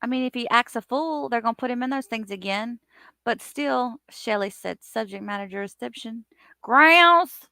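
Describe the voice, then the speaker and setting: A chatty woman hosts a casual live stream and greets each viewer by name. Her voice sits a little high, with a gravelly, creaky edge. The recording is close and dry. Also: moderate pace, no echo. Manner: animated, lively swings in pitch and loudness.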